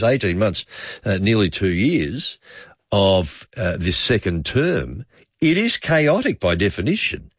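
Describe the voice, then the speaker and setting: A man's voice: mid-range voice, husky, no echo. A man hosting overnight talkback radio, chatty and rambling as he muses aloud to callers. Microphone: studio microphone. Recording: dull dry studio sound.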